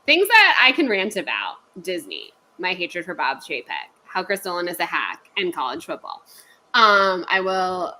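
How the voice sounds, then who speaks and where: A woman's voice: lowish voice, sharp tone, poor audio. A woman in her thirties telling a work story in casual, profane, ranting chat as a podcast co-host.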